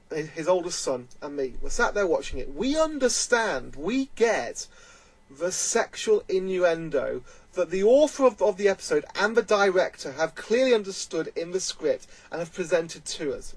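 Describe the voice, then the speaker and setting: A man talking in an earnest, emphatic way, with a voice pitched a little above most men's. He speaks as a vlogger giving casual commentary and circles back to press his points home. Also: rough recording.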